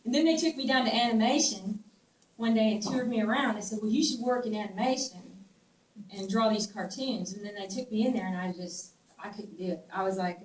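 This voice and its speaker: A middle-aged woman with a Southern US twang, telling stories in a casual, animated way, laughing often and restarting her sentences. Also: medium pitch, fairly quick. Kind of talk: casual storytelling. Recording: echoey room, distant mic, faint ambient noise.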